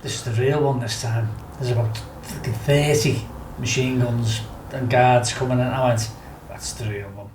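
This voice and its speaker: A man's voice: mid-range voice, little pitch movement, moderate pace, few pauses. A man with a Scouse accent telling stories in casual chat, rambling and full of fillers. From Liverpool, England. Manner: rambling, fillers like "do you know what I mean". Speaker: guest storyteller. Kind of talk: casual storytelling. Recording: echoey room with faint noise.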